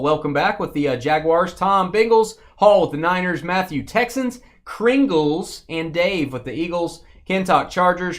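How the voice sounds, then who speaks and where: A man's voice: on the high side, normal speed, few pauses, fairly bright tone. A man hosting a live sports card break stream, joking with viewers and chatting as he opens packs. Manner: jokey, reads out viewer names and teams, banters with chat; chatty asides about cards as he opens packs. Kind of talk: casual live-stream commentary.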